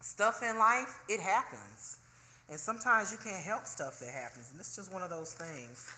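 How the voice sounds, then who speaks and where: A chatty vlogger in their forties vents to viewers in a casual, indignant way. The voice is bright and sharp, and it bounces around a lot in pitch. It was recorded in an echoey room indoors. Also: animated, moderate pace. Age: 40s. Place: indoors, self-filming.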